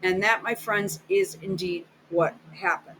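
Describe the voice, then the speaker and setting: A woman's voice: mid-range voice, steady tone, measured pace, fairly bright tone, slight background noise, rough recording. A woman giving blunt, sarcastic, profane reaction commentary over video clips as host of her channel.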